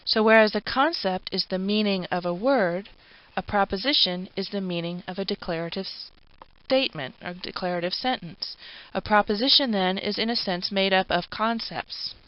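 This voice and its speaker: A woman's voice: mid-range voice, normal speed, clean tone. A woman giving a recorded philosophy lecture, explaining patiently with informal asides. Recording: dull, dry lo-fi recording.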